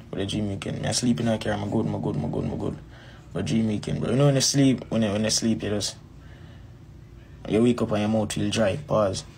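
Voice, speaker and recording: A man's voice: lowish voice, a little mellow, slight background noise. A man with a Jamaican accent telling a personal story in a rambling, casual way, repeating phrases and calling the listener "bro". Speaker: dancehall artist.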